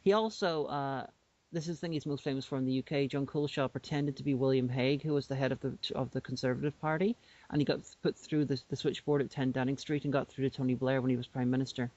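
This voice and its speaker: A man's voice: mid-range voice, fairly even intonation, quick pace, a little mellow, no echo. A man co-hosting a podcast, explaining things in a rambling casual way with many restarts. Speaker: podcast co-host. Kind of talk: casual chat. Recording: dull lo-fi podcast audio.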